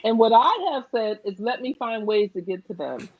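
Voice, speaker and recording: A woman's voice: fairly high pitch, lively intonation, normal speed, a little mellow, muffled recording. A woman with a New Jersey accent, a political candidate on an online panel, speaking earnestly and emphatically and often asking "right?".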